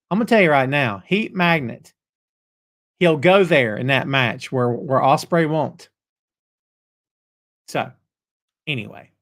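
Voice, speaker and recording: A middle-aged man hosting a live wrestling talk show, folksy and jokey as he banters with viewers. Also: on the high side. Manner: animated, folksy, jokey banter with chat readers. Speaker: podcast host.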